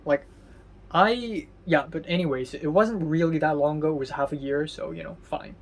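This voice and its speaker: Rambling man in a vlog diary. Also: fairly high pitch. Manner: rambling, halting with many fillers and restarts; candid and mildly sardonic. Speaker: vlogger. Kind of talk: casual spoken diary. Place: at home.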